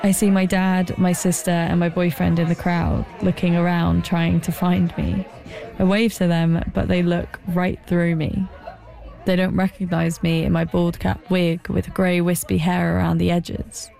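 Wry woman narrating, gravelly and mellow. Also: lowish voice, flat delivery, a little slow, some chatter behind. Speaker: documentary narrator. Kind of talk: personal documentary narration.

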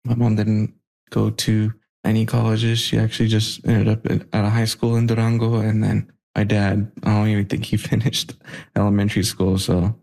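A student in his twenties talks casually and a bit hesitantly in an interview. His voice is low, flat and gravelly. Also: moderate pace. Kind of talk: interview speech.

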